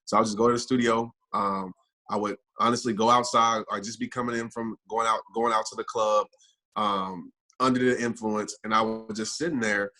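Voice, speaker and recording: A man's voice: fairly low pitch, flat delivery, a little fast, bright, forceful tone. A man guesting on a podcast as a motivational speaker, earnest and reflective, speaking from his own experience. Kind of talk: reflective interview talk.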